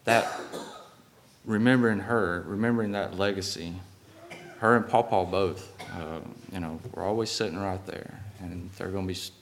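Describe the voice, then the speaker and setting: A hoarse man preaches in a church, his voice sitting fairly low. He talks haltingly, with many fillers and restarts. Faint background noise runs under the recording. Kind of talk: sermon.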